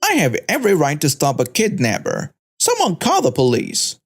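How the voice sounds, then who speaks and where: A man's voice: fairly high pitch, wildly swooping pitch, normal speed, slightly rough, voice pushed up, heavily acted. A man voicing a hostile, accusing woman shopper who shrieks her accusations. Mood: shrieking.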